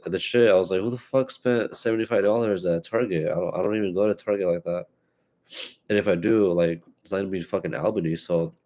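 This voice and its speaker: A young man with a stuffy nose hosts a live solo podcast in a very low voice. He rambles through casual chat, swearing freely and stopping to restart his sentences. His talk is loose and unscripted. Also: dark tone. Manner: rambling and profane, with many fillers and restarts. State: stuffy from allergies. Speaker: podcast host.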